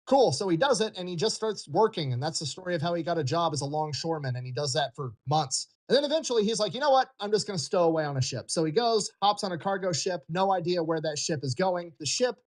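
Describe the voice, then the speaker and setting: A man's voice: on the high side, animated, fast, hardly any pauses. A man casually retelling a true story in a breezy, slangy way with playful asides. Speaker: storyteller in a watched video.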